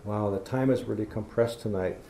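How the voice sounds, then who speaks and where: A man with a fairly low, warm voice speaks a little quickly as he gives a public lecture at a university. Middle-aged and folksy, he tells stories and mimics how he talks to children. Faint noise and echo fill the hall.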